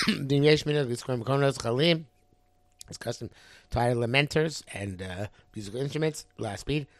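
A man teaching a religious text, reading phrases and translating them into many pauses and fillers. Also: mid-range voice, no echo. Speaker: Torah teacher.

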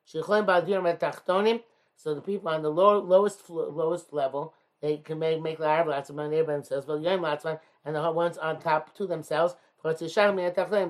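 A man teaching a religious text, reading phrases aloud and explaining each one in English, with many pauses and "uh"s. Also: a little high. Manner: reads Hebrew-Aramaic phrases then explains in English, many hesitations. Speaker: Talmud teacher. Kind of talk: text study lesson, reading and translating.

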